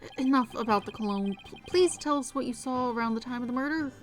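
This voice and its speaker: An earnest young male defense lawyer pressing a witness, read by a woman. He is blunt and quickly exasperated. The voice sits fairly high, with faint music in the background. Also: natural voice.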